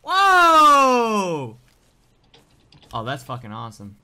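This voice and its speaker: A man giving let's play commentary as a gaming YouTuber, excitable and swearing, often yelling in surprise. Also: mid-range voice, moderate pace. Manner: excitable, swearing, frequent startled outbursts.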